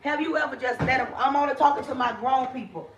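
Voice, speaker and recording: A woman hosting a casual livestream from her kitchen, talking to viewers in an animated, preachy way. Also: sits high, fast talker, very noisy. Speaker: livestream host. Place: home kitchen.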